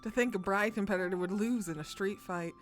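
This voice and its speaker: A woman's voice: medium pitch, fairly quick, soft background music, voice pushed down, close to an everyday voice. A woman voicing a young female street fighter from a game, who speaks in a wistful, matter-of-fact way. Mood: resigned.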